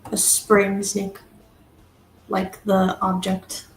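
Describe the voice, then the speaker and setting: A woman as a guest in a casual chat, teasing in a dry, deadpan way. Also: medium pitch, extremely slow, slight background noise, rough recording.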